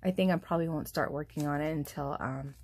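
A woman's voice: sits low, fast talker, husky. A young woman vlogging as she opens craft gifts, gushing and full of fillers, moved to happy tears. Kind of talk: casual unboxing chat. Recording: steady background noise.

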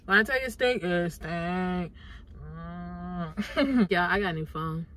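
A woman's voice: fairly low pitch, takes it slowly, fairly bright tone, slight background noise, low-quality recording. A young adult woman talking casually and playfully to her viewers in a vlog, with lots of slang and swearing. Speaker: YouTuber.

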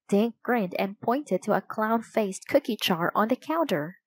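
A woman narrating a children's storybook aloud in a slow, clear, even reading voice. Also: mid-range voice, dry recording, low-quality recording.

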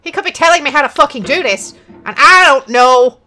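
A woman gamer at home giving frustrated commentary on a game, swearing and shouting often. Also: sits high, expressive, fairly quick. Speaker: let's play gamer.

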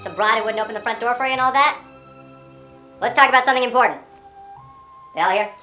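A woman's voice: on the high side, fast talker, pushed and bright, soft background music. A woman playing a brash, abusive male sales boss from the North Pole in an amateur comedy parody, swaggering and berating. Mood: scornful.

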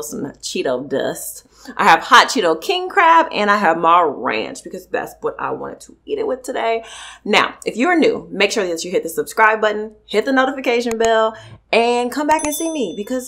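Animated young woman vlogging. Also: medium pitch, normal speed. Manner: animated, expressive, joking asides. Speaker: mukbang vlogger. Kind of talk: casual chat while eating.

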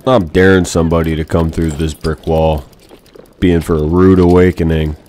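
A man's voice: very deep voice, level tone, normal speed, a little mellow, slight background noise. A man giving joking, playful commentary while playing a war game, calling his audience boys. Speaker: gaming commentator. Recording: game battle sounds behind.

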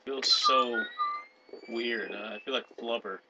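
A young man commentating a co-op video game, excitable and joking, on a headset mic. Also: mid-range voice, slow. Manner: excitable, yelps and jokes. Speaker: co-op gameplay commentator. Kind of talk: casual let's play chat. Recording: noisy game audio behind.

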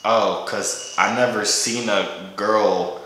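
A man's voice: lowish voice, fairly even intonation, slow. A young man vlogging, chatting and joking playfully with strangers over a video app. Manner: playful teasing, goofy pickup lines. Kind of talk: casual joking chat. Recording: echoey room with faint noise.

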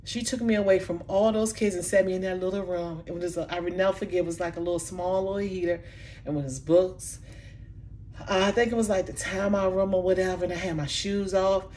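A middle-aged woman, venting emotionally in a vlog, impassioned and repetitive, her voice sinking soft and low in the hurt parts. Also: little pitch movement, fast, hardly any pauses. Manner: impassioned, repeating herself, voice dropping low and soft when recalling hurt. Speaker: vlogger. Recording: faint background noise.

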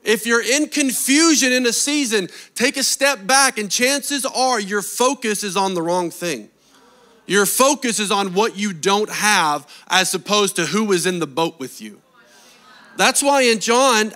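A man preaching a sermon in an animated way, firing off rhetorical questions to the congregation. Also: sits high. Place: church service.

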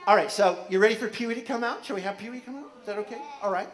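A man's voice: sits high, rapid-fire, some chatter behind. A man performing a children's concert with guitar, singing and asking the kids playful questions. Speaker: children's singer-songwriter and guitarist. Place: library room with an audience of children. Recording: echoey room, loud guitar playing. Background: acoustic guitar.

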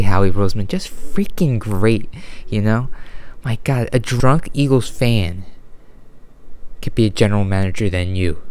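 A man delivering an unedited, exasperated sports rant with frequent sighs, deliberately holding his volume down. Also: fairly low pitch, smooth. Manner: exasperated, sighing, ranting. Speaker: sports fan vlogger.

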